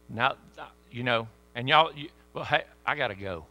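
A man preaching a sermon with sudden swings between loud emphasis and hushed asides. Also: medium pitch, animated, normal speed.

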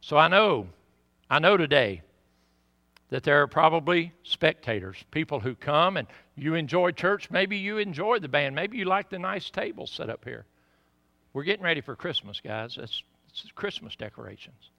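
A middle-aged man with a Southern US accent preaching a sermon in church, building to loud emphatic peaks and dropping to quiet, conversational asides. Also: fairly high pitch, animated, moderate pace, vocal fry, no echo, lo-fi sound. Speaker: pastor.

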